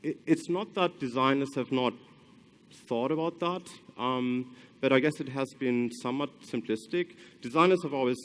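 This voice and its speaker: Over slight background noise, a German man speaks at a moderate pace in a medium-pitched voice during a talk in a conference hall. His accent is German mixed with some Australian, and he often stumbles into ums and restarts.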